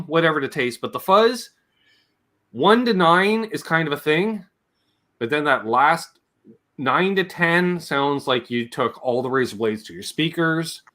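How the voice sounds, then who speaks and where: A man's voice: on the high side, bright, forceful tone. A man, a guest on a livestream, telling rambling, jokey stories and imitating his relatives' voices as he goes. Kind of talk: casual storytelling on a livestream.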